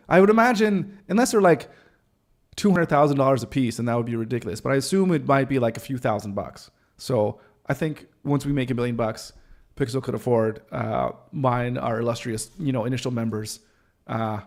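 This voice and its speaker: A man hosting a livestream, chatting casually with viewers in a rambling, joking way full of fillers and restarts. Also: mid-range voice. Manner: joking, self-deprecating. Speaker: livestream host.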